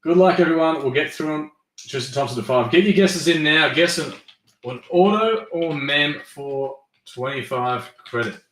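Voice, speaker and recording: A man hosting a live-stream trading card break, tired and yawning, chatty as he reads teams and cards in quick lists. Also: mid-range voice, fairly bright tone, roomy sound. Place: at a desk during a live stream.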